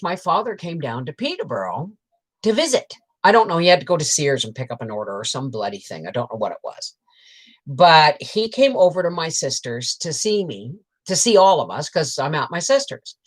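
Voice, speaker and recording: Woman, low pitch, casual livestream chatter, rambling storyteller, greets chat. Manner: rambling and frank, peppered with swears and laughter; greets viewers and reads out chat comments between stories. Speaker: homestead channel host on a livestream.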